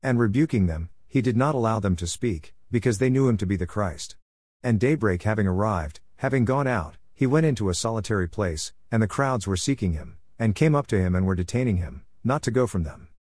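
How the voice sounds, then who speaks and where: A man reading scripture aloud in a steady, measured way, phrase by phrase. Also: lowish voice, dry recording. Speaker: scripture reader.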